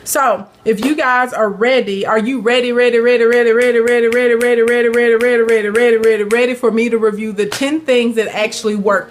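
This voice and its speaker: Southern female host, live-stream business coach, chatty and upbeat, slightly high voice. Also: slight background noise. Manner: chatty, upbeat, calls viewers honey. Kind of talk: casual live Q&A, greeting viewers.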